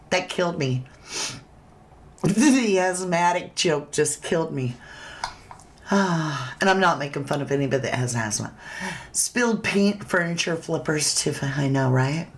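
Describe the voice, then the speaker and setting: A woman with a lowish voice hosts a relaxed livestream chat. She takes her time, talks to viewers like friends, and reads out their comments as she goes. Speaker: true crime livestream host.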